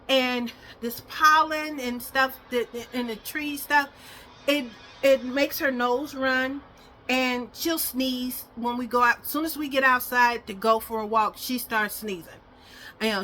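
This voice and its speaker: A woman's voice: a little high, sharp tone, slight background noise. A woman chatting casually in a home vlog while brushing her dog's teeth, rambling and switching to coaxing baby talk. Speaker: dog owner vlogger.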